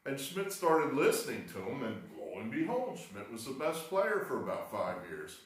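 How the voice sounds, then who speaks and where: A man's voice: medium pitch, very animated, normal speed. Rambling man in a very echoey room. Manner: rambling, exasperated, wry asides. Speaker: sports betting video host. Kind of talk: rambling casual monologue. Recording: very echoey room, mic far off.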